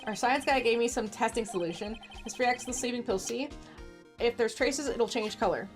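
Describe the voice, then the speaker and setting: A woman's voice: on the high side, moderate pace, over music, close to an everyday voice. A woman voicing a bumbling, good-natured male police detective from a video game, who calls everyone pal as she reads the part aloud. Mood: earnest.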